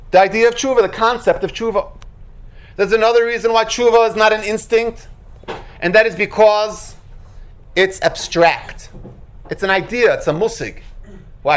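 A religious teacher giving an animated Torah lecture, acting out quotes and sound effects and asking rhetorical questions. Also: medium pitch.

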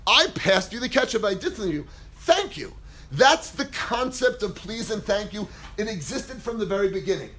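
A man with a very high voice delivers an animated Torah lecture. He acts out quotes dramatically, jumping between loud bursts and near-whispers. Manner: dramatic, acts out quotes, big swings in pitch and volume. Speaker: rabbi teaching a class.

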